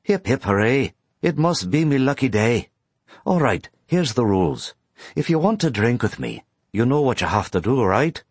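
A jovial, boisterous Irishman cracking jokes and singing out toasts in a strong Irish accent, as a storyteller puts him on. The voice is husky and lifts high above the reader's low tone, with a lively, bouncing delivery. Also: moderate pace, no room sound. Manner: jovial, sing-song toasting. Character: boisterous joking Irish man at a bar.

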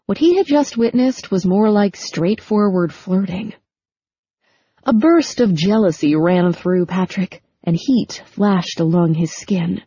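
A woman narrating a novel in a measured storytelling manner. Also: medium pitch, mellow, breathy edge, dry recording. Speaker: audiobook narrator. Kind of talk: scripted narration. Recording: dull lo-fi sound.

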